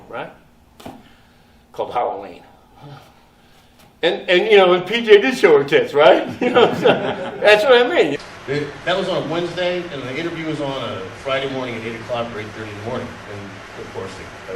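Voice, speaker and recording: A man being interviewed about his acting past, telling stories in a profane, animated way and laughing often. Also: medium pitch. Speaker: interviewed actor. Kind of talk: casual storytelling interview. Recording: echoey room, distant mic, faint noise.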